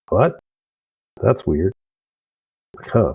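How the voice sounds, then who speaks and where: Middle-aged American veteran guest, deep dark voice, profane and rambling storyteller. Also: male voice, fairly even intonation, measured pace, long pauses, breathy edge, no echo, poor audio. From United States. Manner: rambling, profane, acts out quoted dialogue. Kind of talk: casual storytelling.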